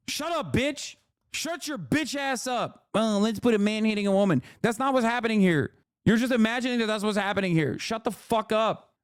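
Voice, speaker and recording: A man with a notably high-pitched voice tears into what he is watching in a loud, profane rant. The sound is dry and close, with no room around him, and he talks in a loose, casual livestream way. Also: dry recording. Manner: profane, heated ranting. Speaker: streamer reacting to clips.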